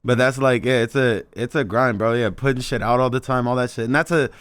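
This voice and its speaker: A man's voice: medium pitch, steady tone, a little fast, fairly bright tone, clear, resonant tone, no room sound. A man, a musician guest, talking in casual chat, laid-back and peppering his speech with swearing and "bro".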